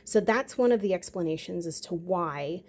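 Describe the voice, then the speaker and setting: Middle-aged woman just rambling to her viewers, warm mellow voice, lots of ums and likes. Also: on the low side, lively intonation, moderate pace. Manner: rambling, conversational, with frequent fillers. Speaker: vlogger. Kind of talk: casual monologue.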